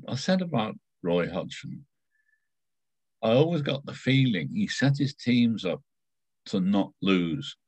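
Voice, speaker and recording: Man, middle-aged, very deep voice, dry room, rambling, halting, casual storytelling. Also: a little mellow, dry recording, poor audio. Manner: rambling, halting with many fillers and restarts.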